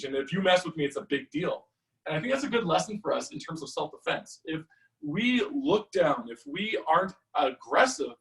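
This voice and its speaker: A man teaching a live-streamed martial arts class, talking in a chatty, animated storytelling way with lots of fillers. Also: on the high side, recorded from a distance, rough recording.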